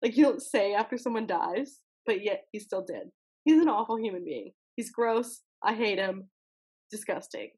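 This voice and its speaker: Woman, podcast co-host, husky voice, blunt, opinionated, casual chat. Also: mid-range voice, normal speed, a little mellow. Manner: blunt, opinionated, laughs often.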